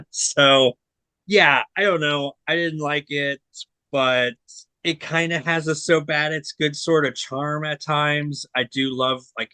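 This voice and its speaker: Bright-voiced man with blunt, rambling reviews. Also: medium pitch, no room sound. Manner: rambling, filler-heavy, blunt critiques. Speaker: podcast co-host reviewing disc releases. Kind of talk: casual chat.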